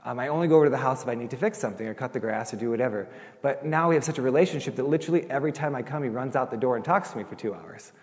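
A middle-aged male pastor telling stories in a chatty, animated sermon, acting out the voices of the people he quotes. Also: mid-range voice, rapid-fire. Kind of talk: sermon storytelling. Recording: long hall reverb.

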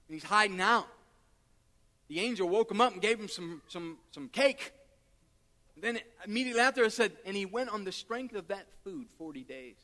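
A male pastor with a very high, bright voice preaches with forceful emphasis and repeats his points. He acts out the quoted dialogue as he goes. His voice rings with a long reverb through a large hall. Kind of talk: sermon.

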